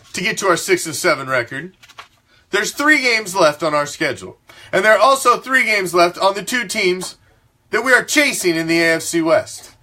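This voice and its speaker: A man ranting as a sports talk host, swearing freely and hammering his points. His voice sits high and swings widely up and down, with a bright, forceful edge. He keeps the tone emphatic and fired-up. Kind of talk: fan sports commentary rant.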